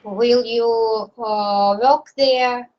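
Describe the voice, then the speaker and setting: Female student asking halting questions slowly; dull lo-fi recording from off-mic. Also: on the high side, steady tone. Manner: hesitant questioning.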